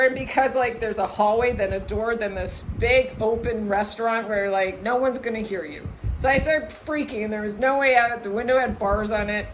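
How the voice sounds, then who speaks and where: A woman tells a personal story to the camera in a loose, chatty way, her voice sitting fairly high. She jumps into quoted voices and leans on "like" as she goes. Faint ambience hums behind her. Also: slight background noise, rough recording. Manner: animated, lots of "like", acts out voices in her story. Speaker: vlogger.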